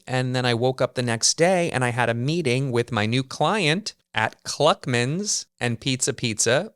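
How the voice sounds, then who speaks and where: A man's voice: mid-range voice, a bit bright, clear, resonant tone, no echo, clean studio sound. A man hosting his own podcast, telling a story in a chatty, wry way with lots of casual fillers. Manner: chatty and wry, heavy use of "like". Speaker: podcast host.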